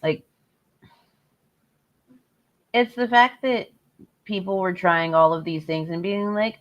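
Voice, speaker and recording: A woman's voice: lowish voice, a little slow. A woman hosting a livestream, chatting casually with viewers, sarcastic and swearing a lot as she rants. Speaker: livestream host. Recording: dull lo-fi stream audio.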